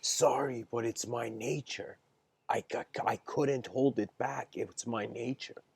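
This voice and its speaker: A man's voice: medium pitch, fairly even intonation, takes it slowly, creaky, slightly rough, no echo, full character voice. A man voicing a male scorpion in a told fable, pleading in casual slang. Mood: sorrowful.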